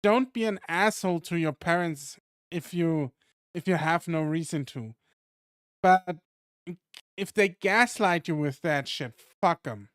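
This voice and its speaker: Man voicing Drayden, gentle protective caretaker. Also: fairly high pitch, clean tone, dry recording, studio quality. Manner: calm, soothing, earnest. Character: gentle, protective adult male caretaker in a fight league.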